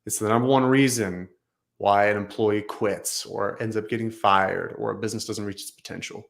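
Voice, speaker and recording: A man's voice: fairly low pitch, steady tone, moderate pace, vocal fry. A man speaking as a guest on a business talk show, telling a story with emphatic repetition. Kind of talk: storytelling in conversation.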